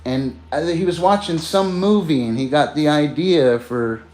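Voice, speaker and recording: With a voice on the high side and a darkish tone, this streamer goes a little slow. He rambles casually to viewers, welcoming them and tossing in "man" and "bro."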